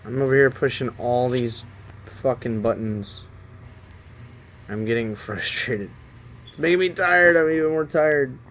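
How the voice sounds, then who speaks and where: A man's voice: medium pitch, a little slow, long pauses, fairly bright tone, a little hiss or hum. Man muttering through a phone stream setup. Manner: frustrated, muttering while fiddling with phone settings. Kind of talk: casual live-stream chat.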